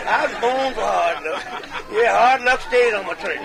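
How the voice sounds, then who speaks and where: A man's voice: extremely high pitch, a little slow, gravelly, a crowd in the background, poor audio. A man telling comic tall tales in a folksy, drawling way, chuckling between punchlines like a medicine show comedian. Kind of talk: comic tall-tale storytelling.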